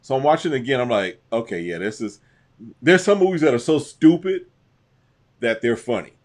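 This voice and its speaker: A man co-hosting a casual chat, talking in a measured way and agreeing with short replies. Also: medium pitch, lively intonation. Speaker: co-host.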